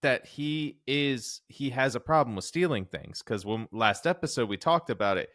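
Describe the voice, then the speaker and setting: A man's voice: medium pitch, moderate pace, fairly bright tone, dry recording, studio quality. A man co-hosting a casual true-crime podcast, laid-back and agreeable. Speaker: podcast co-host.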